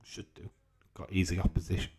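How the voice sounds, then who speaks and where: A man's voice: brisk, darkish tone. A British man hosting a casual live watch-along stream, chatting, swearing freely and reading out viewer comments. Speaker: livestream host.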